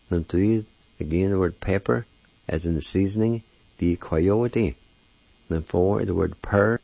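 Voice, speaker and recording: A man's voice: deep voice, moderate pace, vocal fry, warm tone, dry recording. A man teaching a language lesson, carefully spelling and repeating each word in a dull lo-fi recording. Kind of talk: slow word-by-word pronunciation lesson.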